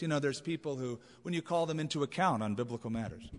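A man's voice: medium pitch, expressive, fast, hardly any pauses. A man preaching a sermon as a pastor, in a conversational, emphatic way with anecdotes. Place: large church auditorium. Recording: long reverb of a large hall.

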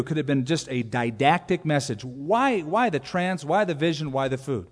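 A man preaching a sermon, animated, acting out quotes with asides to the congregation. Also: fairly high pitch, moderate pace, few pauses. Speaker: pastor. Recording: long reverb of a church hall.

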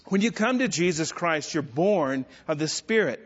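A man's voice: a little high, lively intonation, normal speed. Self-deprecating man preaching in echoey hall. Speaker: pastor. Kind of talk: sermon. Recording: dull sound with long church-hall reverb.

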